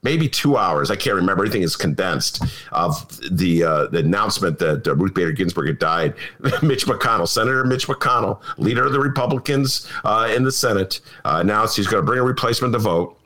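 Guy ranting on a political podcast, lively up and down, bright edgy voice. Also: fairly low pitch, fairly quick. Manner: animated, sarcastic, mocking impressions. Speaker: podcast host. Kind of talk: opinionated political talk.

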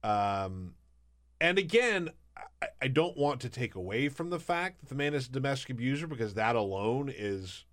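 Male podcast host, casual and sarcastic, lively up-and-down delivery. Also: mid-range voice, moderate pace. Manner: sarcastic, animated, laughs often. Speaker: guest host. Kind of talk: casual political podcast chat.

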